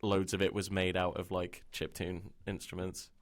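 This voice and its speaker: A man's voice: low-pitched, completely flat delivery, moderate pace. A young man co-hosting a podcast in casual chat, laid-back and swearing freely. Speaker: podcast co-host.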